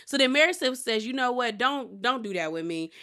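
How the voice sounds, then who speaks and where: A woman's voice: fairly high pitch, expressive, a little fast, pushed and bright. A woman casually recapping a reality show episode, chatty and opinionated, quoting the cast and often calling them girl. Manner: chatty and opinionated, calls people girl, quotes cast members.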